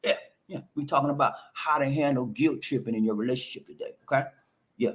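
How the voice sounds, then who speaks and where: A man's voice: mid-range voice, fast talker, a bit bright. Emphatic man giving relationship advice. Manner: emphatic, preachy, repetitive, calls listeners "man".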